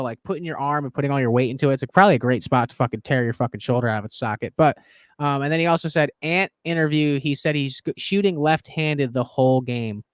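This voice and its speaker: A man's voice: medium pitch, clear, resonant tone, no room sound, studio quality. A young man co-hosting a sports betting show, rambling and swearing through casual chat. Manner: rambling, heavy swearing, animated. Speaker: sports betting podcast co-host.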